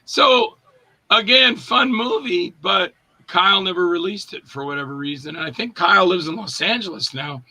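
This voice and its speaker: A man's voice: high-pitched, moderate pace. A man in his fifties, an actor telling stories in a casual interview and acting out quotes in different voices. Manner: animated, acts out quotes in voices.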